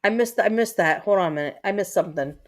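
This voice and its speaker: A woman livestream host in her thirties chatting loosely with her viewers. She rambles, swears freely and trips over her words, full of "um"s and restarts, in a voice of middling pitch. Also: quick pace. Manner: rambling, profane, many fillers and restarts. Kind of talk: casual chat with viewers.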